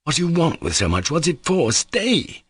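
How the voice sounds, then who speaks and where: A man's voice: fairly low pitch, huge pitch swings, brisk, fairly bright tone, breathy edge, no echo, clean studio sound, heavily acted. A man reading an audiobook, voicing an irritable, practical young official who scolds sharply. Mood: irritated.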